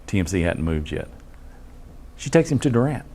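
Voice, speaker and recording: A man, an EMT instructor telling a case story to his class in a blunt, animated way. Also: deep voice, moderate pace, slight background noise. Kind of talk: storytelling lecture.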